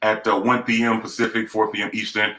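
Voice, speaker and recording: A man's voice: lowish voice, completely flat delivery, fairly quick, sharp tone, roomy sound, rough recording. A man hosting a live online talk show, speaking in an emphatic, rhythmic, preacher-like way. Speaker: host.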